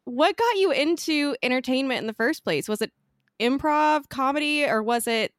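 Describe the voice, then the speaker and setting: A young adult woman hosting a podcast, chatting casually in an expressive, giggly way. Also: sits high, moderate pace, no room sound, clean studio sound. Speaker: podcast host. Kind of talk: casual chat.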